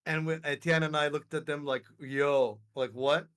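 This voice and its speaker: A man's voice: a little high, steady tone, normal speed, a bit bright, smooth. A young man from Lebanon telling a story on a live stream, acting out quotes and swearing freely. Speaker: streamer hosting a live call. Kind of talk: casual storytelling chat.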